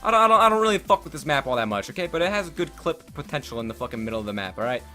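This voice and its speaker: A young man telling a rambling, profane story while playing a video game, with loud outbursts. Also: on the high side, sing-song, rapid-fire, soft background music. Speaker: gaming YouTuber. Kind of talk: storytelling over gameplay.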